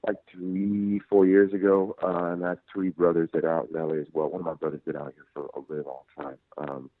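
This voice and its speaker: A man in his thirties from Nigeria, a guest telling relaxed stories over the phone and laughing often. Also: deep voice, brisk, no echo. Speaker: guest actor. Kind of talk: casual phone interview. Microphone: phone line. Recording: tinny dry phone line.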